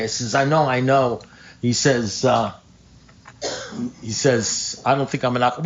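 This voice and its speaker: An older man speaking at a recovery meeting, telling a story in an animated way, acting out phone calls, swearing and laughing at his own punchlines. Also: medium pitch, moderate pace, gravelly, pauses often, lo-fi sound. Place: meeting room.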